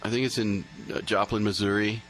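A man's voice: lowish voice, level tone, fairly quick, a bit bright, a little hiss or hum, rough recording. A man being interviewed as a musician, chatting casually with many fillers and restarts. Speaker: musician guest.

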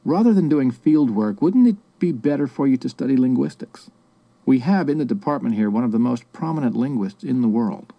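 A man's voice: mid-range voice, lively intonation, brisk, lo-fi sound. A man reading the lines of an older male anthropology professor who lectures in a tired, condescending way. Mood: weary advice.

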